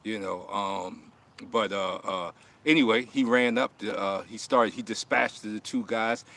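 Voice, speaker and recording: Lowish voice, bright and forceful, livestream host guy laughing and ranting at chat, aave. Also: slight background noise. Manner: laughing, mocking, heated and animated. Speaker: martial arts channel host. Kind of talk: casual livestream talk answering chat.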